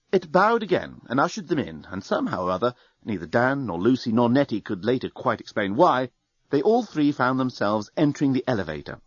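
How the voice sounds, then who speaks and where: A man reads a novel aloud with expressive, animated storytelling, his pitch rising and falling freely. The recording is very dry with a somewhat muffled top end. He sits in the middle of the usual pitch range. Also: brisk, husky, dry recording. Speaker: audiobook narrator. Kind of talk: audiobook narration. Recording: dry, dull studio recording.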